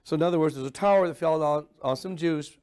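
A man delivering a sermon in a church, with a somewhat high voice for a man. He preaches emphatically, leaning into sarcasm and mocking voices to make his point. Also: fast, darkish tone, clear, resonant tone. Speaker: pastor.

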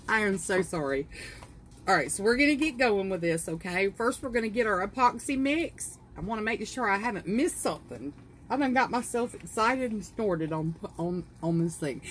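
A middle-aged woman from South Carolina with a Southern accent hosts a casual craft livestream from her home kitchen. Folksy and chatty, she greets viewers by name and laughs at herself. Her voice is mid-range and a bit bright, with slight background noise.

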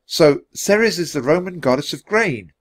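Storybook voice: a man doing a bold, excited young girl, high and bouncy. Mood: eager. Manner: excited, quick to jump in.

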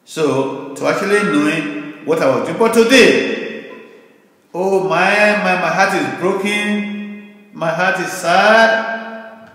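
An older man preaching a sermon as pastor, in an emphatic, repetitive cadence with slow, stressed phrases. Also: high voice, fairly bright tone, faint music behind. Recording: very echoey hall with long reverb.

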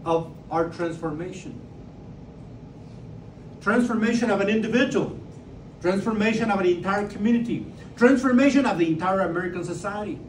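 A man's voice: sits high, moderate pace, slight background noise. A man from Mexico with a Mexican Spanish accent gives a public lecture, emphatic and repetitive, asking the audience rhetorical questions. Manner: emphatic, repeats key words, asks rhetorical questions. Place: lecture room. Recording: roomy sound from far off.

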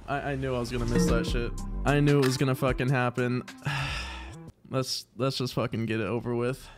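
A man giving casual commentary while opening online game cases, pleading and swearing in exasperation. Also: mid-range voice. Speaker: case-opening YouTuber.

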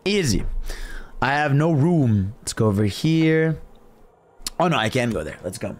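A man's voice: medium pitch, sing-song, a little slow. A young man streaming a game from his room, chatting casually, humming tunes and cheering himself on. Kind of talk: casual gameplay commentary.

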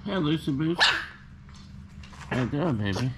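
A man chatting casually to puppies on a vlog, slipping into high sing-song baby talk. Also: lively intonation, unhurried, very noisy. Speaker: vlogger showing puppies.

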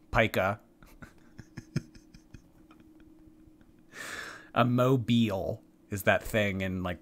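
A man's voice: low voice, pushed and bright. A man hosting a reaction commentary, talking in a dry, mocking, teasing way. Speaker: commentary host.

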